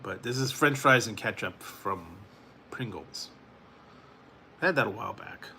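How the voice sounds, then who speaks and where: Streamer host, male, bright tense tone, rambling chatty delivery with frequent chuckles, faint background hum. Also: fairly low pitch, lively intonation, a little slow, vocal fry. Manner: rambling, chuckling, talks to chat viewers. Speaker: food reviewer hosting a live stream. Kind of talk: casual late-night live stream chat.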